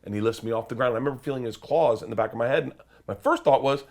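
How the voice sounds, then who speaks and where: Male interview guest, animated storyteller, mid-pitched, gets loud and excitable, swears freely. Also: rapid-fire. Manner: loud, excitable, swearing, breaks into shouted quotes.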